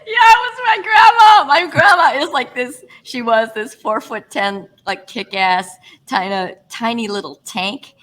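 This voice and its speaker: A woman's voice: on the high side, a little slow. A middle-aged actress, a guest, telling stories casually in an interview, laughing often and restarting her sentences. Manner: animated, laughing storyteller, many restarts.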